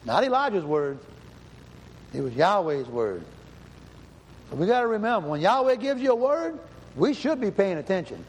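A man preaching in a fairly high voice, his words ringing out with a long echo of a hall. He reads scripture and presses his listeners with questions, repeating himself for emphasis. A faint hum of the room sits underneath. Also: sing-song, normal speed, pauses often. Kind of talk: sermon with scripture reading. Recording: hall reverb, faint ambience.

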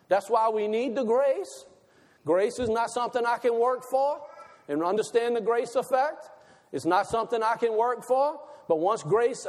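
A man preaching a sermon, asking his listeners questions and slowing down to stress key words. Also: high voice, darkish tone, big-room sound. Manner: asks the audience questions, slows for emphasis.

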